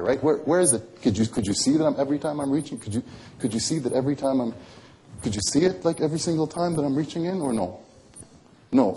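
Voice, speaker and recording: Mellow and mid-range, a man's voice carries playful, teasing patter as he does close-up magic for a volunteer. He coaxes constantly, asking one question after another.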